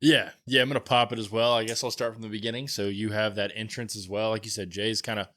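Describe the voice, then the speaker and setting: A man co-hosting a casual podcast, relaxed and chiming in with short agreements and quick remarks. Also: lowish voice. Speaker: podcast co-host. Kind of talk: casual chat.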